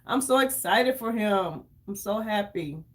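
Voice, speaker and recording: An effusive woman in her fifties hosts a makeup livestream from home, talking casually as she works. Her voice sits at an ordinary middle pitch, and she keeps breaking off to greet viewers by name. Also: expressive, a little slow. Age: 50s. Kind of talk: casual livestream chat while doing makeup.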